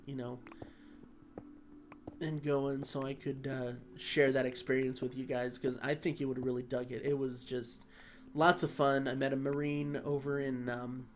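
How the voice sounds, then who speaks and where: A man talks casually over his gameplay, rambling in an easygoing way. His voice sits at a middling pitch. Music plays clearly underneath. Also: level tone, normal speed. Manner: rambling, easygoing, many fillers. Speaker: gaming vlogger.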